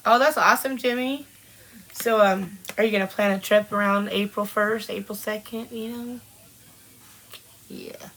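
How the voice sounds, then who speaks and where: A woman's voice: medium pitch, fairly even intonation, moderate pace, a bit bright, slight background noise, poor audio. A woman in her forties from Washington State, hosting a live-streamed podcast and chatting casually as she greets viewers by name and laughs often. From Washington State, USA. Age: 40s. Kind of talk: casual chat reading out live comments.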